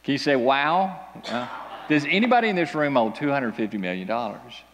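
A man preaching a sermon to a congregation, telling a scripture story with animated, dramatic delivery and big swings in pitch. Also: a little fast, in a large hall, a little hiss or hum. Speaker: pastor. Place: church hall with an audience.

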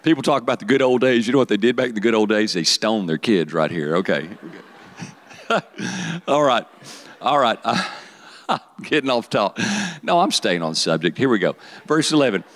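A man's voice: on the low side, normal speed, long pauses. A man preaching a sermon to young people, joking and calling for responses. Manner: lively, joking, calls for audience responses. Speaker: youth pastor.

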